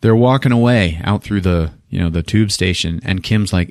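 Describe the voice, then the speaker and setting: A man's voice: on the low side, normal speed, few pauses, no room sound, clean studio sound. A man hosting a podcast, casually recapping a film with profanity and funny acted-out voices. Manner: animated, profane, acts out scenes with funny voices. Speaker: podcast host. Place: podcast studio.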